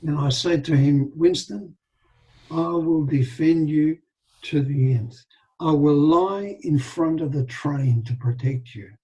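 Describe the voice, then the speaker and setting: Older male guest, raised voice, animated storyteller acting out dialogue. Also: on the high side, measured pace, poor audio. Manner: animated anecdotes with quoted dialogue and laughter. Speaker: interview guest. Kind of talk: storytelling in a casual interview.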